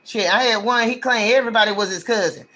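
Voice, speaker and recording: A man's voice: high voice, fast talker, pushed and bright. A man giving a casual livestream tarot reading, talking in a blunt, slangy, ranting way. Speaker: tarot reader.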